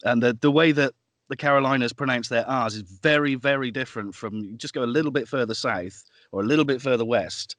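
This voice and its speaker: A man's voice: mid-range voice, fairly quick, a bit bright, dry recording. Male narrator, chatty and thoughtful, dry recording. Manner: thoughtful, explains at length. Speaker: guest, audiobook narrator and producer. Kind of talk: casual interview chat.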